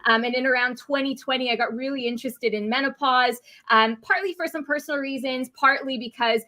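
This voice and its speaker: A woman's voice: high-pitched, fairly quick, pushed and bright. A Canadian woman with a Canadian accent, a dietitian guest speaking in a friendly way with frequent fillers. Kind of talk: interview conversation.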